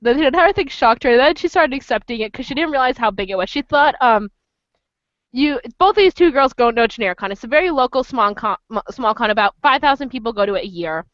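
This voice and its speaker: A woman hosting a casual podcast chat, telling animated stories and acting out voices. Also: fairly high pitch, fast talker, no room sound. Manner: animated storyteller, acts out voices. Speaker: podcast host. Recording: muffled lo-fi dry sound.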